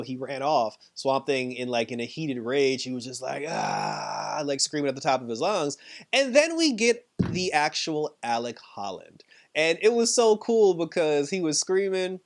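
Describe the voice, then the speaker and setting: A man recapping a TV episode in a chatty, off-the-cuff way. He laughs often and fills his talk with "like" and "you know." His voice sits at a middle pitch. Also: big pitch swings, moderate pace. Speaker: TV show reviewer.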